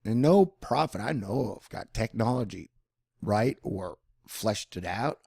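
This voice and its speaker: A man talking in a rambling personal monologue, animated and drifting between topics, now and then slipping into mock voices. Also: fairly low pitch, a little slow, creaky, slightly rough, no room sound, clean studio sound. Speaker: vlogger.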